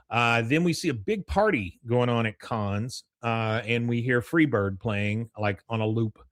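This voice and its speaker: A man's voice: medium pitch, a little slow, hardly any pauses, dry recording, studio quality. A man casually recapping a cartoon episode as a podcast host, rambling with fillers and laughs.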